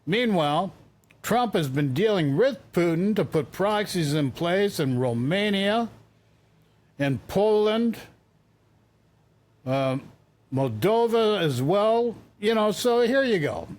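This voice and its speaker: A man talks slowly through his political commentary in a slightly high voice. He sounds exasperated and circles back to the same points again and again. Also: lively intonation, a little mellow.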